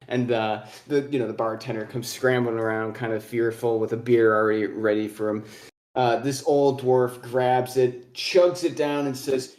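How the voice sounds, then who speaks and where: A man's voice: mid-range voice, fairly even intonation, moderate pace, darkish tone. A young man narrating a tabletop game as game master, casually and with many fillers and restarts. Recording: echoey room.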